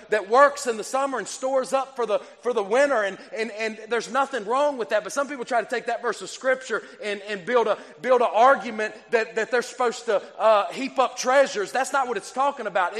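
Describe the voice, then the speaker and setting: This man's voice is a bit bright and sits high for a male preacher. Earnestly sermonizing, he revisits his phrases and restarts sentences while working through a point, and the church hall gives it a long reverb.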